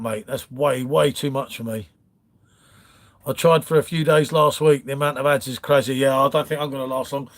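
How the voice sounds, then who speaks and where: A man's voice: medium pitch, vocal fry. A man hosting a casual livestream from his front room, rambling through viewer comments and calling everyone mate. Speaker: livestream host. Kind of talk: casual live chat reading comments.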